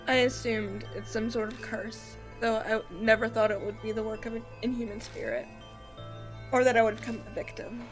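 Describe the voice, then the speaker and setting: Woman reading as a calm elderly medium. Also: fairly high pitch, normal speed, soft background music, close to an everyday voice.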